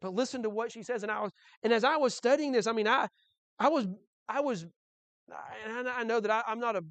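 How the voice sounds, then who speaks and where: A man's voice: very high-pitched, moderate pace, a bit bright, no room sound. A male pastor preaching a sermon in a conversational way, with frequent restarts and rhetorical questions.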